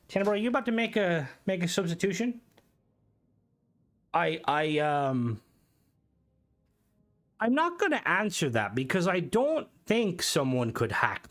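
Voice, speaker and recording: On his livestream, a young streamer from Ireland speaks in a high-pitched voice with a softened Irish accent. He rambles and swears casually, reading viewers' comments aloud and greeting them.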